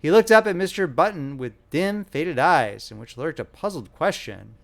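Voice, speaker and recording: A man's voice: fairly high pitch, expressive, moderate pace, vocal fry. A man narrating a classic short story as an audiobook, telling it expressively.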